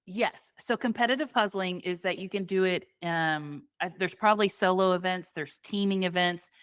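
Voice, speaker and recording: Young woman podcast co-host, lower voice, dry close sound, casual and giggly. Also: moderate pace, a bit bright, clear, resonant tone, dry recording. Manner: chatty, laughs often, lots of fillers. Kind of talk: casual chat.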